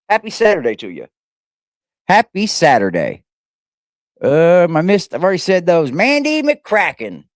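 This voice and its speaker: Man, livestream host, casual roll call, sing-song greetings, very lively pitch, dry close sound. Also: no room sound. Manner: loose and playful, greets chatters in sing-song calls; profane, slangy. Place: home. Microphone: fixed camera on a stabilizer.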